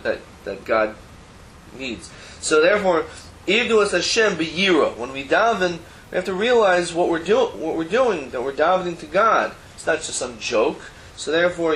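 A man's voice: a little high, fairly bright tone. Man teaching Talmud in an echoey room. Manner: explains text line by line, mixing Hebrew terms with casual asides. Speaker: Torah teacher. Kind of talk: Talmud class lecture. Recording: roomy echo, faint background noise.

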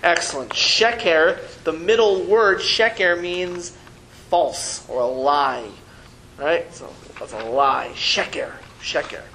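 Male language teacher, higher voice, slow and patient classroom delivery, playful. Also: sharp tone, a little hiss or hum, rough recording. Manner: patient, repeats syllables slowly for students, playful teasing. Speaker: Hebrew teacher. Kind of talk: classroom reading lesson.

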